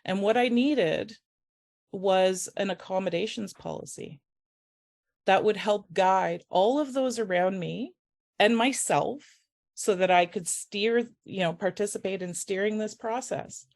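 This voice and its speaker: A woman faculty member giving a personal, emotional conference talk, halting with many restarts and audibly close to tears. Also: mid-range voice, gravelly. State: tearful. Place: conference room.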